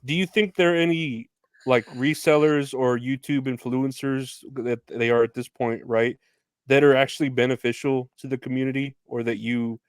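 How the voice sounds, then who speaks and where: A man's voice: medium pitch, fairly even intonation, normal speed, clean tone, dry recording, studio quality. A man hosting a podcast interview, chatting in a rambling, hesitant way with lots of fillers. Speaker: podcast host. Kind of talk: casual interview chat.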